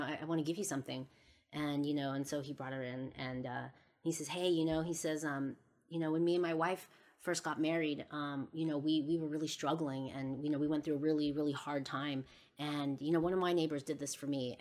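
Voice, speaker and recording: A woman hosting a podcast, telling a personal story in a rambling way with many fillers. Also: low voice. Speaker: podcast host.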